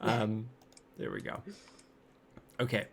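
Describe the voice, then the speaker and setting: A man narrating as game master of a tabletop game, relaxed and self-deprecating. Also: on the low side, takes it slowly, gravelly, slight background noise.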